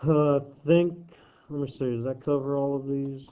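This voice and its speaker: A man's voice: mid-range voice, steady tone, normal speed, smooth, narrow, tinny audio. A man teaching math, working problems aloud with joking asides and self-corrections. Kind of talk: worksheet walkthrough lesson.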